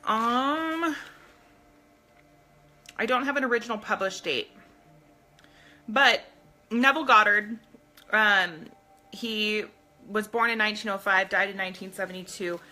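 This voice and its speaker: A woman's voice: medium pitch, measured pace, long pauses, bright, forceful tone. A woman hosting a casual live stream, talking earnestly to her viewers and reading aloud from a book. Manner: earnest, addresses viewers directly.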